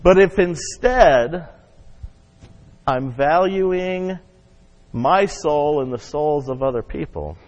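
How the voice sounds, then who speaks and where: A man preaching a sermon, leading the congregation in call-and-response and rising loud on key points. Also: on the high side, lively intonation, slow pace, pauses often. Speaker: pastor. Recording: muffled sound with long hall reverb.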